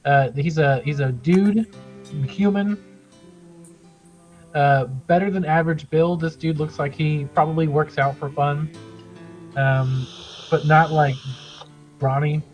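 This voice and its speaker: A man narrates a tabletop game as its master, rambling and casual, with swearing. His voice sits a bit high, the recording sounds dull, and soft guitar music plays behind. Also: steady tone, slow pace, long pauses. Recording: muffled with background music.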